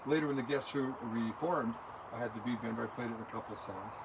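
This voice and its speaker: A man's voice: medium pitch, fast, creaky. Older male musician, mid-range voice, chatty rambling interview answers, studio room with audible background noise. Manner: rambling, anecdotal, talks with his hands through examples. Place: recording studio.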